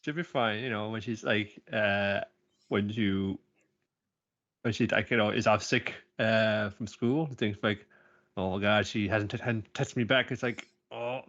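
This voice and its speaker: A man with a lowish voice chats on a podcast, rambling and slipping into put-on voices as he retells scenes. His sound is dull and lo-fi. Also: fairly even intonation, normal speed, fairly bright tone. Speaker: podcast co-host. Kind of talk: casual chat about anime.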